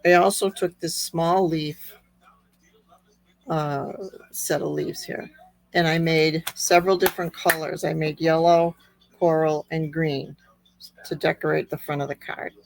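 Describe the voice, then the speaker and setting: Slow, gravelly-voiced woman crafter. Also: flat delivery, dry recording, rough recording. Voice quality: squeaky. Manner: unhurried, chatty step-by-step explaining. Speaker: card-making instructor. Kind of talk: craft tutorial narration.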